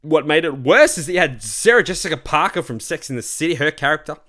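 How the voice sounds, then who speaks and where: A man hosting a solo podcast, ranting about ads and answering a listener question, addressing his audience as ladies and gentlemen. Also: fairly high pitch, lively intonation, quick pace. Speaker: podcast host.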